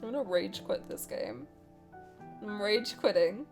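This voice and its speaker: A woman streamer who reads game text aloud and reacts loudly, swearing and dramatic. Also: medium pitch, measured pace, pauses often, faint music behind. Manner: loud, excitable and swearing, with dramatic outbursts.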